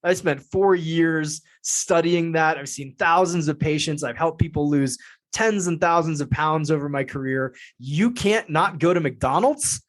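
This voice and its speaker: A man telling a story as a podcast guest, lively and profane. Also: on the high side, unhurried. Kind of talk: casual storytelling.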